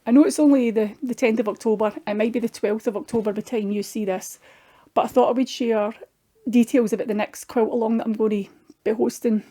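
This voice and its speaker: A woman's voice: on the high side, fairly even intonation, a little fast, mellow. A middle-aged Scottish woman chatting casually through her craft projects, homely and full of little restarts. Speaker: craft vlogger. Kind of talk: casual show-and-tell chat.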